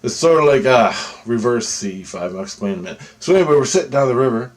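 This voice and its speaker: A man's voice: mid-range voice, lively intonation, fast. A man vlogging a personal story to camera in a loose, rambling way, full of asides.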